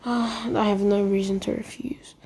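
A woman's voice: medium pitch, flat delivery, normal speed, a little mellow, husky. A woman voicing an easygoing old male village leader who speaks in an offhand, matter-of-fact way.

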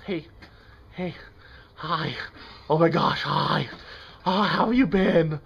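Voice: mid-range voice, slow, creaky, slight background noise. A vlogger at home filming cats, gushing in baby talk at the animals on a handheld camera. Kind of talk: casual home video. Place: at home by a doorway. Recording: dull lo-fi camera audio.

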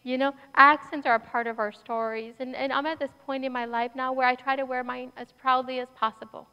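A woman's voice: sits high, flat delivery, a little fast, clean tone. A woman with a Minnesotan accent, speaking as a guest in a university auditorium and answering audience questions in a reflective, conversational way. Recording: hall reverb, dull sound.

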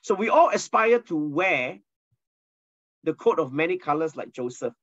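Animated man preaching a sermon. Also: on the high side, moderate pace, dry recording, dull audio. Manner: animated storyteller, asks the listeners questions. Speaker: pastor teaching a Bible lesson. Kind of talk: sermon teaching.

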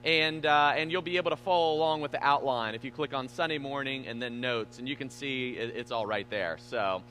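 A young man preaching a sermon as pastor, telling a family story with animated, self-deprecating humor and saying he is tired. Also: medium pitch, a little fast, faint music behind.

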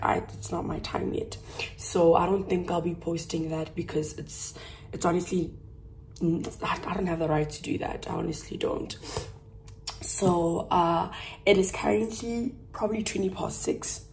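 A young woman from South Africa chatting casually to her phone camera at home while getting ready, her voice hoarse and half gone, rambling and correcting herself with little laughs. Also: on the low side, moderate pace, a little mellow, slight background noise. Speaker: YouTuber vlogging. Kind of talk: casual vlog chat to camera. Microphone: phone on a tripod.

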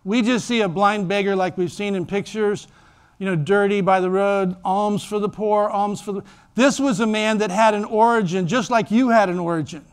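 Man, pastor, sermon, fairly high pitch, animated storytelling. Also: moderate pace, clean tone. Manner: animated storytelling, acts out voices. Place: church.

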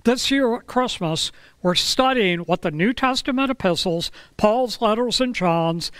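A man preaching a sermon, telling a story in a slow, measured way with dramatic pauses. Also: high-pitched, a bit bright, clear, resonant tone, dry recording. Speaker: pastor.

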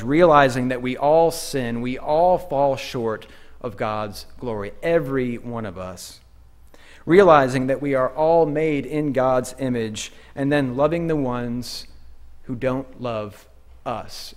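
Male pastor, mid-pitched voice, measured sermon delivery in a church, phrases that fade at the ends. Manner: measured preaching with pauses, endings trailing off quietly. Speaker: associate pastor. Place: church sanctuary.

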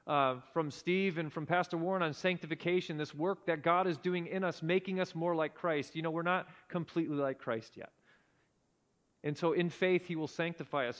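A man preaching a sermon in earnest tones, often dropping to a hushed low voice for emphasis. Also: in a large hall. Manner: earnest, drops to a hushed low voice at key points. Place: church sanctuary.

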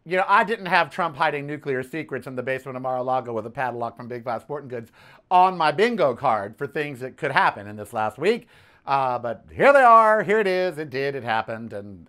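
Sassy, animated man hosting a podcast. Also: mid-range voice. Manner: sassy, animated, says "honey" and "okay". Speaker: podcast host. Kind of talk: casual political commentary.

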